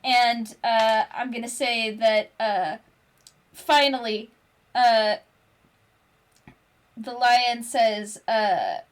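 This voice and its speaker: Woman, game master, casual narration, slow, slightly high voice. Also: steady tone. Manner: casual, swears freely.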